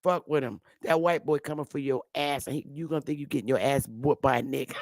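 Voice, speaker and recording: A woman's voice: extremely low pitch, normal speed, pauses often, a little mellow, no room sound. A woman hosting a live stream, ranting in blunt, brash commentary. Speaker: livestream host.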